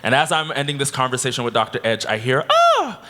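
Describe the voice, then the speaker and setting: A man from Canada giving a keynote speech, telling a personal story with animated delivery. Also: mid-range voice, fast talker. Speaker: keynote speaker. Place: convention hall.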